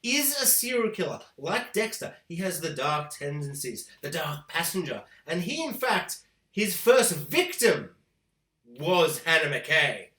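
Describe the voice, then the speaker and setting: A man gives a ranting spoiler review of a TV show in an animated, profane, exaggerated way. His voice is high and bright. It sounds echoey, as in a bare room. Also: measured pace. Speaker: TV review host.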